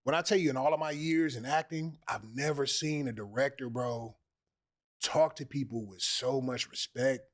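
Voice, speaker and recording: A man, an actor, telling stories casually in a podcast interview, animated and slangy, acting out what people said. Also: mid-range voice, normal speed. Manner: animated, slangy, acts out quotes. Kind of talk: casual storytelling.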